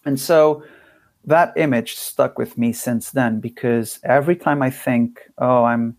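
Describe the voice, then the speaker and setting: A man speaks as a guest on an interview podcast, his mid-pitched voice carrying a steady gravelly fry. He reflects thoughtfully and candidly, often breaking off and restarting his phrases. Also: unhurried, no echo.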